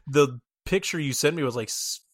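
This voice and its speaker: A man's voice: a little high, moderate pace, no echo. A man co-hosting a casual podcast, making dry, sardonic remarks. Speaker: podcast co-host.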